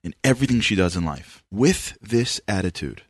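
A New York radio show host conducts an interview in his New York accent, animated and emphatic, his pitch swinging very lively. He speaks at normal speed, and the sound is dry and close, with no room around it and no echo.

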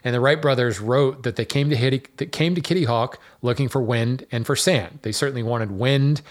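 A man's voice: medium pitch, a little fast. A man hosting his own podcast, talking casually in a chatty, digressive way with plenty of fillers and wry self-deprecating asides. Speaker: podcast host. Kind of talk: casual solo podcast talk.

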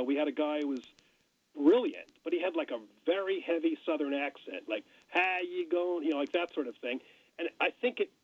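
A husky, slightly high-voiced middle-aged man chats as a radio guest, musing and restarting his sentences often. His voice comes through a dull, dry studio sound. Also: a little mellow, no echo. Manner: chatty, musing, many restarts. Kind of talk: casual radio conversation.

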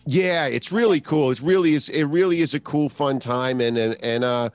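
A man's voice: medium pitch, normal speed, no echo. A man guesting on a podcast, talking enthusiastically in casual chat, rambling with many restarts. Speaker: podcast guest, co-host of another show.

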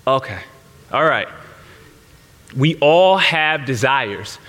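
A man's voice: fairly high pitch, a little fast, bright, forceful tone. A man in his thirties preaching a sermon, telling a candid personal story and speaking straight to the congregation in a large church hall. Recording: reverberant hall.

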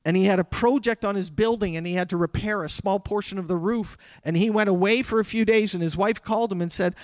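A man delivering a sermon as a pastor, talking conversationally with dramatic pauses. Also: high-pitched, no echo, studio quality. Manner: conversational preaching with dramatic pauses and acted quotes.

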